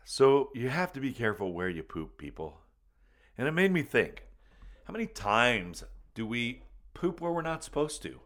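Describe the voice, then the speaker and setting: A man telling a funny personal story in a folksy, animated way, calling people man and buddy, with faint music behind him. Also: mid-range voice, moderate pace. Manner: animated, bursts into loud excited retelling.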